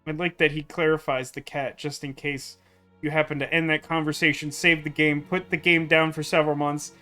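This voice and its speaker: Bright-voiced chatty gaming host. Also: male voice, fairly high pitch, little pitch movement, fairly quick, faint music behind. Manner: chatty, rambling with many fillers. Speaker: let's play host. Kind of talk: casual gameplay commentary.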